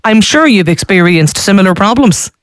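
A woman's voice: medium pitch, lively intonation, normal speed, no echo, studio quality. A woman hosting a live radio phone-in show, talking conversationally and often restarting her sentences. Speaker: radio talk show host. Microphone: studio microphone.

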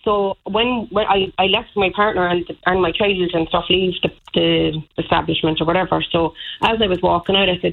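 A woman's voice: fairly low pitch, steady tone, brisk, gravelly, hardly any pauses. An Irish woman in her thirties calling a radio show, telling a story in a rambling, indignant way with many fillers. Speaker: caller. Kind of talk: phone-in call. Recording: tinny phone line.

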